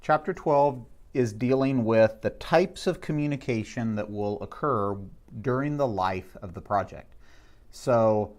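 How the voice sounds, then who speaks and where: Man giving a measured classroom lecture. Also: medium pitch, darkish tone. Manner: measured, explanatory, with slowed emphasis on key words. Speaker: instructor. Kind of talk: recorded lecture summary.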